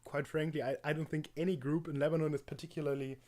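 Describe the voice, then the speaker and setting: A man's voice: a little high, flat delivery, fast talker, a little mellow. A man streaming live, reacting to a video with rambling, mocking commentary, full of fillers and laughs.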